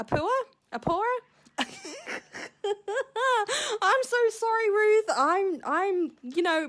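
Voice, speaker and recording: Gushing woman, high and lively. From Australia. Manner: gushing, excitable, rambling with many fillers. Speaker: shell-collecting vlogger. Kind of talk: casual unboxing vlog.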